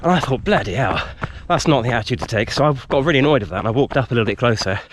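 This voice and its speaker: A man's voice: medium pitch, very fast, very noisy. A man vlogging outdoors in a wood, telling a story casually with lots of fillers, a little tired from running. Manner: rambling, animated retelling with frequent fillers.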